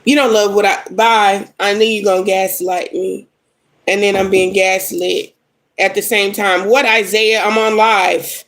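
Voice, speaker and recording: A woman's voice: medium pitch, level tone, measured pace, a bit bright, low-quality recording. A young adult woman reading tarot on a casual livestream, upset and venting bluntly with lots of swearing at commenters. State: upset and angry. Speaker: live tarot reader.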